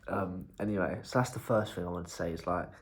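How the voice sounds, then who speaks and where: A man's voice: deep voice, fairly even intonation, fast talker, a little hiss or hum. A young man, talking casually in a diary-style vlog, blunt and rambling, swearing freely. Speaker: entrepreneur vlogger.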